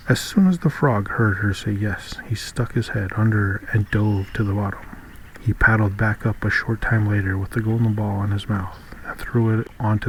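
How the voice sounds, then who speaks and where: A man narrates an old fairy tale in a calm, measured storybook reading. His voice sits fairly low, and a faint hiss of ambience runs underneath it. He keeps a steady, unhurried reader's pace. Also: rough recording. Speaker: audiobook reader.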